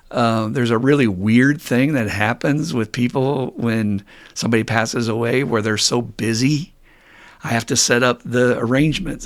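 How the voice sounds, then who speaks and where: A middle-aged man hosting a podcast as a therapist, talking candidly and bluntly with some swearing, getting loud and animated when he makes a point. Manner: animated, rising loud and high when mimicking people. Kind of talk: casual podcast monologue.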